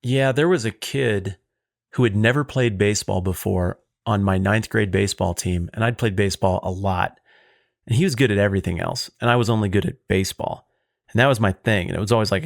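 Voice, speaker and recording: A man's voice: on the low side, fairly quick, vocal fry, no echo. A man co-hosting a podcast, talking in a thoughtful way with dry, wry humor. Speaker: podcast co-host. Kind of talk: casual conversation.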